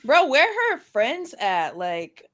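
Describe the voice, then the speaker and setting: A woman's voice: high-pitched, huge pitch swings, slow, fairly bright tone. A woman co-hosting a podcast, reacting bluntly and in disbelief in casual chat. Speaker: podcast co-host.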